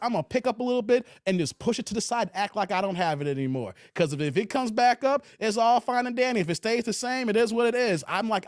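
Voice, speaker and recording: A man from hosts a casual live stream. He answers chat messages in a relaxed drawl, and his voice sits rather high. The sound is close and dry, with no room echo. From Chicago. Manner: laid-back, drawling, trails off quietly at phrase ends. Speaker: livestream host reading chat.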